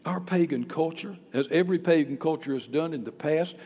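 A man preaching a sermon in a church, swinging from hushed, low passages to loud, emphatic outbursts. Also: fairly quick, husky. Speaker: pastor. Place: church sanctuary. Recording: long reverb of a large hall.

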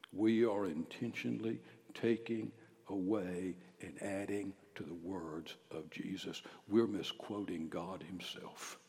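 Man preaching in a reverberant church. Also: on the low side. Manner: emphatic, dropping to hushed near-whispers. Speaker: pastor. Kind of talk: sermon. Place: church sanctuary. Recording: long hall reverb.

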